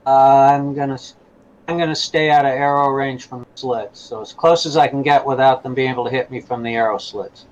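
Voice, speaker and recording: A man playing a tabletop game, speaking haltingly with many hesitations. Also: mid-range voice, steady tone. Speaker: player. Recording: dull lo-fi sound.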